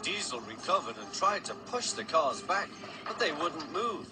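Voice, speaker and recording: A man narrating a children's train story in a lively, expressive storybook manner. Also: fairly high pitch, normal speed. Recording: loud background music.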